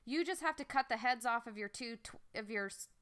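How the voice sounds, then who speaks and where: A man's voice: very high-pitched, brisk, sharp tone, clean tone. A woman voicing a talking stone statue of a loyal servant, breezy and slangy, in a fairy-tale retelling.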